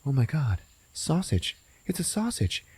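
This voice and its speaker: A man voicing a frantic sausage, squealing in panic in a high voice while retelling a cartoon. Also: very animated, unhurried, darkish tone, slightly rough, no echo, heavily acted. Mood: panicked.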